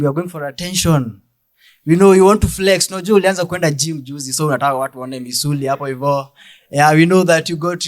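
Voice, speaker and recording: A young Kenyan man with a Kenyan accent performing a deadpan stand-up comedy set, mixing English and Swahili. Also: a little high.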